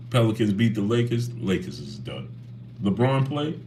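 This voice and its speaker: Lively low-voiced man hosting a livestream. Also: moderate pace, slight background noise. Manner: animated, greets chat viewers by name. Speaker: boxing livestream host. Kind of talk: casual livestream chat.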